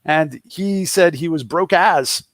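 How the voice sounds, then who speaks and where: Speaking slowly in a fairly high voice with no echo, a Boston-area man in his fifties tells jokey stories as an entrepreneur guest on a casual interview. He has a Boston accent and voices the people who appear in his anecdotes.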